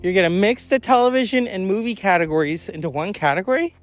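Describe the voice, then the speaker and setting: Male podcast host, high voice, rambling and candid, swears freely, faint music underneath. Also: expressive, fast talker. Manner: rambling, candid, profane, with sighs and yawns. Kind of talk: casual monologue.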